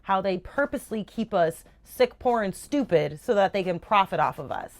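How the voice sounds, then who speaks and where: A young woman talking casually to camera as a book reviewer, animated and gushing, swearing freely. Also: medium pitch, moderate pace. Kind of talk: casual chat.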